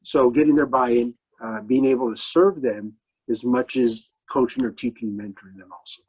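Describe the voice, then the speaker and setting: A man's voice: mid-range voice, normal speed, a little mellow, slight background noise, rough recording. A man sharing his thoughts earnestly at an online meeting.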